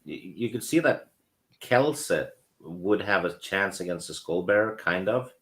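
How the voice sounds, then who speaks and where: A man chatting casually as a guest in a book discussion, halting and hesitant. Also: deep voice, lively intonation, a bit bright. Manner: hesitant, halting, lots of fillers. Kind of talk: casual chat.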